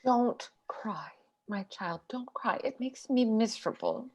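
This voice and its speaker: A woman playing a gentle older sister who comforts and advises, read over a video call. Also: on the high side, big pitch swings, unhurried. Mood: soothing. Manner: soothing, coaxing. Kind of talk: cold-read stage drama.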